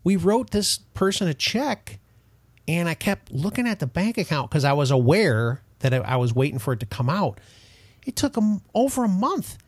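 A man co-hosting a casual podcast, telling stories in an animated, exasperated way. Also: fairly high pitch, normal speed, breathy edge, dry recording. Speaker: co-host.

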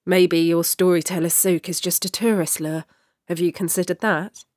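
A woman's voice: fairly low pitch, fairly even intonation, moderate pace, darkish tone, no room sound, clean studio sound, natural voice. Woman playing a sly young street vendor. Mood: teasing. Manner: teasing, cryptic.

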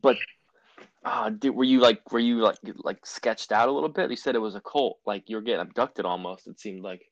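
Young guy co-host, lowish voice, slangy, dry dull mic. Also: brisk, dry recording. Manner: eager, reactive, slangy bro talk. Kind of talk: casual podcast chat.

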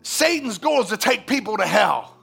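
A man preaching a sermon as pastor, swinging from loud, fervent emphasis to quiet asides. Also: high voice, big pitch swings, normal speed, creaky, slightly rough, faint music behind.

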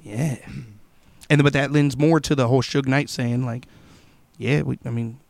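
Gravelly young man telling stories. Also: medium pitch, normal speed, dry recording. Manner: profane, animated storytelling with acted-out quotes. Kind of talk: casual chat.

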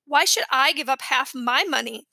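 A woman's voice: high-pitched, normal speed, creaky, bright, forceful tone, no room sound, heavily acted. A woman reading aloud, voicing a bossy, self-assured preteen girl babysitter in a storybook. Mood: prim. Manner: confident, prim, self-assured.

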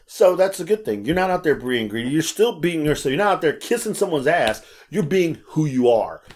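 A man telling stories in a casual chat, animated and swearing freely. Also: fairly high pitch, fairly quick. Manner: animated storyteller, acts out quotes, swears freely. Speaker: podcast co-host.

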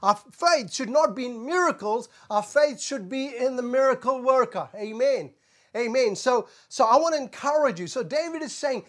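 A man's voice: very high-pitched, expressive, normal speed. A man preaching a sermon as a pastor, earnest and repetitive, often saying "Amen" and stumbling on fillers. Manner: stumbles on filler sounds when searching for words.

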